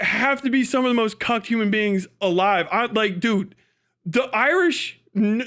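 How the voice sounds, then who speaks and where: A livestream host with a very high, slightly bright voice reacts with profane, mocking commentary and laughs often.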